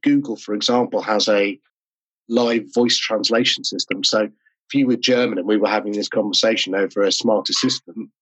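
A man's voice: on the low side, fairly even intonation, fairly bright tone, dry recording, rough recording. A man talking on a video call interview, enthusiastic and explanatory. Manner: enthusiastic, explanatory, quick asides. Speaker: podcast host and interview guest. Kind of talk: casual interview talk.

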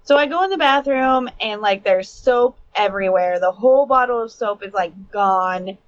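A woman's voice: mid-range voice, moderate pace, dull audio. A woman in her thirties, co-hosting a casual chat, telling candid parenting stories and swearing freely. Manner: candid storytelling, swears and laughs often. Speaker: podcast co-host.

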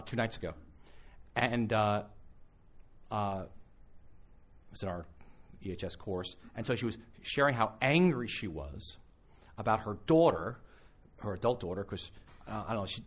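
A man, a pastor, giving a conversational sermon at a live conference, telling stories with frequent restarts. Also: fairly low pitch. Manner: animated, storytelling with frequent restarts.

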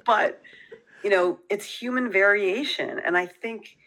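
A woman with a New York accent, a podcast guest talking in an earnest, animated way. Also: mid-range voice, unhurried, poor audio. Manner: earnest, animated, laughs easily. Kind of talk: casual chat.

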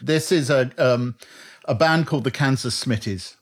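A man's voice: medium pitch, moderate pace. A man with a mid-range voice hosts an interview, easygoing and conversational. He lays out background detail before asking his questions. He sounds as if he is on a video call. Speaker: interview host.

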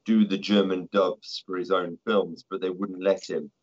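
A man's voice: low voice, flat delivery, normal speed. A man chatting on a podcast as a guest, making wry, dryly humorous remarks. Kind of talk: casual chat. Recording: dull lo-fi audio.

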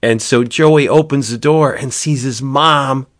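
Casual man retelling a story. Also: mid-range voice. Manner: animated retelling with quick put-on character voices. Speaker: podcast co-host. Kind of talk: casual chat, retelling a book's plot.

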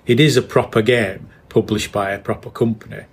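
A middle-aged man with a northern English accent talks games in a relaxed podcast chat. His voice sits lowish and gravelly, and he thinks aloud with stops and restarts. A faint hiss runs underneath. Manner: musing, chuckling, halting restarts. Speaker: podcast co-host. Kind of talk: casual chat.

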